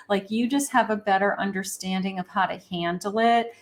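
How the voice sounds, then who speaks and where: A woman's voice: medium pitch, steady tone, normal speed, few pauses. A woman, a psychic, giving a rambling, casual tarot reading with many fillers. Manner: acts out lovers' quoted lines.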